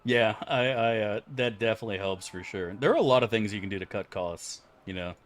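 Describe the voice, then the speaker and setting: A man's voice: on the low side, a little fast. A man from Florida chatting casually with viewers while streaming a game, rambling, offhand and full of swearing. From Florida, USA. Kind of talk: casual chat while gaming.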